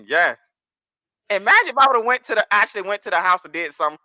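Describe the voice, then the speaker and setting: Bright-voiced man telling candid stories. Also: high voice, expressive, fast talker, no room sound. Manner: candid storytelling, slips into voices of others. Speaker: podcast guest. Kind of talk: casual chat.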